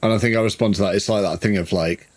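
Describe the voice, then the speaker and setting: A man's voice: fairly low pitch, steady tone, racing. A man playing a tabletop game, describing his character's actions in detail and laughing easily. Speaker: player.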